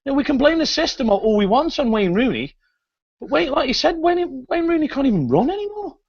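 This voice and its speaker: High-pitched sweary Mancunian football fan. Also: male voice, sing-song, brisk, a little mellow, dull audio. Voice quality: sweary, blunt and emphatic. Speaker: fan show regular. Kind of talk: heated fan rant.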